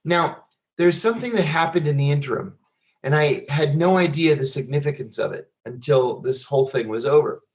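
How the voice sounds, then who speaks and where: A middle-aged American man calmly telling a first-person story in a measured, plainspoken way, as a guest speaker at an online event. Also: a little high, dull audio. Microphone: online event stream.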